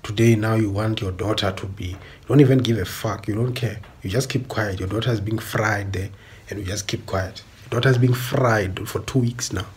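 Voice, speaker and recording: Ranting bluntly on a stream, a South African man swears, repeats himself, and hammers his points home in an angry monologue. His voice is fairly low, his speed normal, and there is slight background noise.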